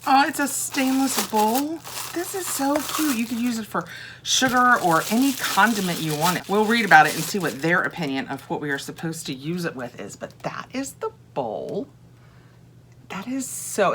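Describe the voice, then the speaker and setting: A woman's voice: lowish voice, sharp tone, a little hiss or hum. A woman chatting casually through a home decor unboxing, thinking aloud and gushing over each item. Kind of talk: casual chat.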